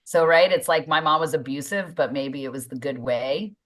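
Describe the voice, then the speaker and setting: Emphatic, low-voiced woman coach. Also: moderate pace, a bit bright. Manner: emphatic, repeats phrases. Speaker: mindset coach and boxing gym owner. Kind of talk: podcast interview guest.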